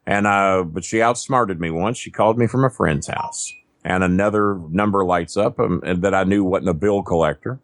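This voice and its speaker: A man's voice: low-pitched, moderate pace, dry recording. Brash man in his fifties. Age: 50s. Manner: brash, crude, self-mocking storyteller. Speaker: podcast guest. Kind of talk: casual storytelling. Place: not at a desk microphone.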